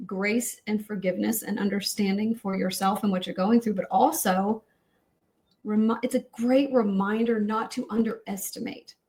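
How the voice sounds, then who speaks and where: A woman co-hosting a podcast who responds in a calm, affirming and reflective way. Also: mid-range voice, normal speed. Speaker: podcast co-host. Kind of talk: reflective conversation.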